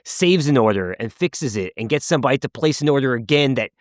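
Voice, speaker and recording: A man's voice: mid-range voice, animated, fairly quick, no room sound, clean studio sound. A man hosting a podcast interview who asks questions and affirms his guest enthusiastically.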